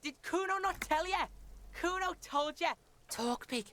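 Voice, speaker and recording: A woman's voice: very high-pitched, measured pace, a bit bright. A woman voicing a brash, foul-mouthed street boy in a video game, who swears constantly and talks about himself in the third person. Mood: boastful.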